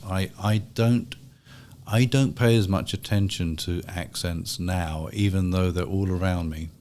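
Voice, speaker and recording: A man with an English accent, talking in a measured, articulate way as a podcast guest. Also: sits low, darkish tone, slight background noise. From Britain. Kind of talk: reflective conversation.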